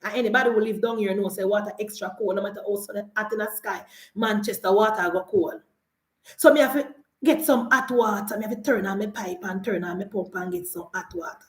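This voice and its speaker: A woman's voice: mid-range voice, fairly quick, roomy sound. A Jamaican woman delivering an impassioned political rant as a commentator, fiery and mocking, hammering her points with repeated rhetorical questions. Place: indoors, filming herself for social media.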